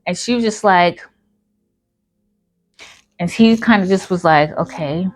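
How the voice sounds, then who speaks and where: A woman's voice: medium pitch, measured pace. Brief: woman storyteller, casual and rambling, faint music underneath. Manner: rambling, filler-heavy retelling.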